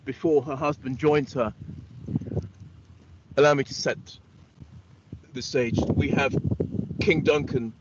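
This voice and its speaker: A man's voice: mid-range voice, fairly even intonation, slow, long pauses. A male teacher speaking to students outdoors on a windy heath, setting the scene. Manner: addresses students directly, sets the scene. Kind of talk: outdoor lesson to camera. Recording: loud wind noise on a dull mic.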